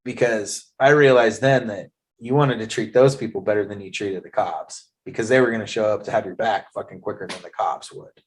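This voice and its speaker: A man's voice: on the low side, a little fast. A man in his thirties from Eastern Oregon, hosting a casual interview and telling stories bluntly with lots of swearing. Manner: blunt, heavy swearing, storytelling. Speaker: podcast host.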